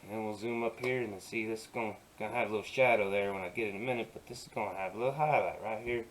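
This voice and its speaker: A man narrating his digital painting tutorial in a soft, easygoing way, often dropping to a murmur and adding playful asides. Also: fairly low pitch, rapid-fire, a little hiss or hum, rough recording. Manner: playful asides while working. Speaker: digital artist.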